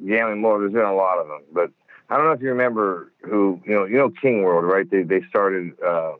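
A low-pitched man speaks fairly quickly as a storytelling interview guest, calling in by phone from a car, swearing heavily and rambling with lots of fillers. The recording is dry, with a tinny phone-line sound.

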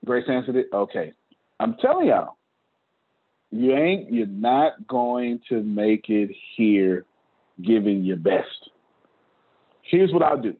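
A man's voice: fairly low pitch, slightly rough. A man leading a team meeting on a video call, talking emphatically in casual slang and repeating his points. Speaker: business leader hosting a team meeting. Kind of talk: motivational talk on a video call. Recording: tinny phone-like call audio.

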